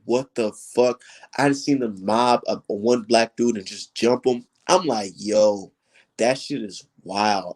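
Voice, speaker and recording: A man's voice: medium pitch, darkish tone. A man hosting a casual livestream, ranting heatedly with lots of profanity and repeated emphasis. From United States. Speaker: streamer host.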